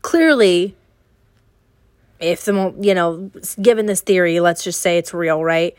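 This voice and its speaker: A woman's voice: fairly low pitch, unhurried, no room sound, clean studio sound. A woman hosting a casual podcast, chatty and upbeat, leading with questions. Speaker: podcast host. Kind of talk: casual chat.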